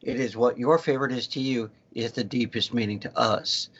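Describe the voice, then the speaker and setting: A man's voice: medium pitch, fairly quick, a bit bright, slightly rough. A man co-hosting a podcast, joking around and laughing easily, sometimes mock-solemn. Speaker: podcast co-host. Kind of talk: casual chat. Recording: dull lo-fi podcast audio.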